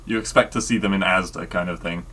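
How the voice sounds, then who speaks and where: A man talks easygoing podcast chat in a lowish voice with a forward, bright edge. He hesitates often and fills the gaps with ums and likes. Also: fairly even intonation, fast, a little hiss or hum. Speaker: podcast co-host.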